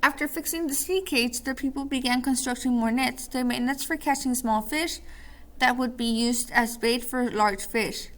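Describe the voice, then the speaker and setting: A woman's voice: high-pitched, normal speed. A woman teacher running a call-and-response word drill, then reading a story aloud with small slips and restarts.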